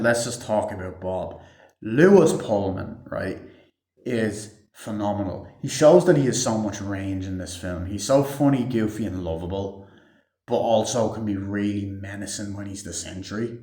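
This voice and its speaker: Low-voiced man rambling through a movie review. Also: a little slow, dark tone. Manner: rambling, heavy swearing, many fillers. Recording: roomy echo.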